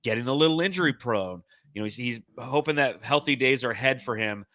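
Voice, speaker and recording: A man with a bright, forceful voice co-hosts a casual sports podcast. He talks in energetic, upbeat bursts. The sound is dry and close, with no room around it. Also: medium pitch, a little fast, no room sound. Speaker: podcast co-host.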